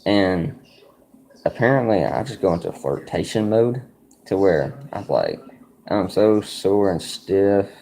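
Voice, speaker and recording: Gravelly deep-voiced man telling a rambling story. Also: lively intonation, takes it slowly, dark tone. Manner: rambling, profane, full of likes and you-knows. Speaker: streamer. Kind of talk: casual storytelling while playing a card game.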